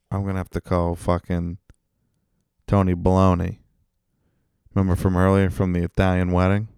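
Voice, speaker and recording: A man's voice: sits low, monotone, normal speed, gravelly, pauses often, darkish tone, clean tone, no room sound, studio quality. A man hosting a comedy podcast, venting in a profane, ranting casual monologue.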